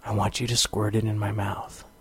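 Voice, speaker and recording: A man imitating a creepy male TV character who talks in a quiet, slow, deliberate way. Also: slight background noise, lightly acted. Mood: low, creepy. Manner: low, flat, deliberate delivery.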